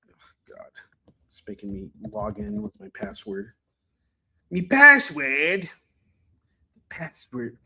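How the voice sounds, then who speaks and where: A man rambling and swearing casually while selling comics on a live stream. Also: mid-range voice. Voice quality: profane, rambling, joking.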